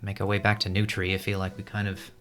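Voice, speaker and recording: A man with a lower voice plays a tabletop game, trading in-character lines with the table. He offers ideas tentatively and keeps an easygoing tone. Light music sits underneath. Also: completely flat delivery, fast, sharp tone. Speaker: player.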